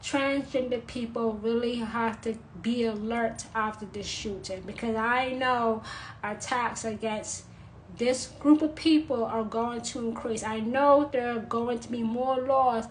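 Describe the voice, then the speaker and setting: A woman's voice: on the high side, unhurried, poor audio. Give me a blunt woman vlogger who repeats herself for emphasis, with faint noise behind. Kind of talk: unscripted monologue rant.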